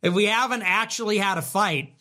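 A man hosting a livestream, reacting to chat messages in a sarcastic, mocking way with quick swings in tone. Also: high-pitched, sharp tone. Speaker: livestream host.

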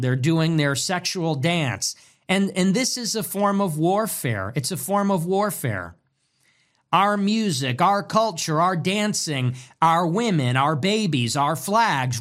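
A man commentating in a solo monologue, emphatic and repetitive in short punchy sentences. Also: a little high.

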